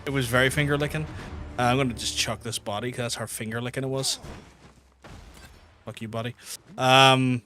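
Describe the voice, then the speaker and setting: A man's voice: mid-range voice, brisk, long pauses, slight background noise. A young man streaming a game, telling stories with free swearing and frequent laughs. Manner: swears freely, laughs often, animated storytelling. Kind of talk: casual livestream commentary.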